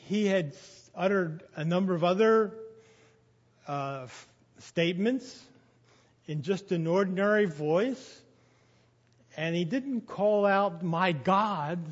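A man preaching a sermon, going from quiet to loud when he quotes scripture. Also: high-pitched, takes it slowly, pauses often. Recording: dull sound with long reverb of a hall.

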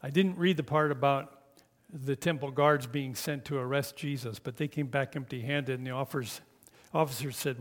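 A man preaching a sermon, telling the story slowly and dramatically in a reverberant church hall. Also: medium pitch, steady tone. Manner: dramatic storytelling, slow and emphatic.

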